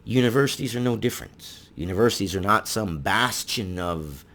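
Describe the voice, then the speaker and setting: Man, news commentary, sarcastic, indignant, rhetorical questions, pitch swings up and down. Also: animated, moderate pace, a bit bright. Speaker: political commentary channel host.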